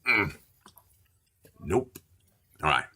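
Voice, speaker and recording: A man putting on a low, hushed voice while murmuring card names during a card-opening stream. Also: sing-song, very slow, full character voice.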